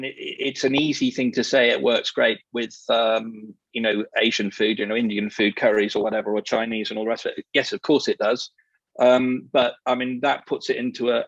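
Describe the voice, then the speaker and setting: A man's voice: mid-range voice, vocal fry, dry recording, highs cut off. A man in his sixties, a wine merchant talking as guest expert in a casual panel, rambling and hesitant with many fillers. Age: 60s.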